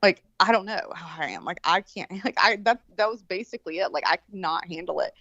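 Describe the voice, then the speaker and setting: Brief: woman, podcast co-host, animated and profane storyteller, dry muffled lo-fi sound. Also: lowish voice, quick pace, no echo. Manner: profane, animated, acts out quoted voices. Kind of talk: casual storytelling. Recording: slightly muffled, dry lo-fi audio.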